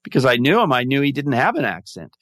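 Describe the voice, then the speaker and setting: A man's voice: mid-range voice, big pitch swings, fast, fairly bright tone, dry recording. A middle-aged man, a podcast guest, telling a personal story in an earnest, reflective way. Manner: earnest, reflective, acts out quoted voices. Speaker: podcast guest, mindfulness advocate. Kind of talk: storytelling in an interview.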